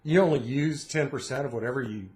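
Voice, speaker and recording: A man's voice: mid-range voice, quick pace. Middle-aged guy telling stories on a podcast, acts out the quotes, voice in the middle. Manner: animated storyteller, acts out quotes. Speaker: podcast co-host. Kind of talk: casual chat.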